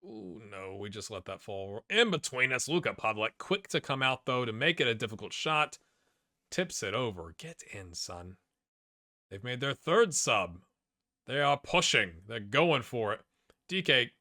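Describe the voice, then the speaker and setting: Guy doing let's play commentary, gets all worked up yelling at his players, bright voice, real dry close mic. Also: medium pitch, dry recording. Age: middle-aged. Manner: excitable, talks to players on screen. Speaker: gaming YouTuber.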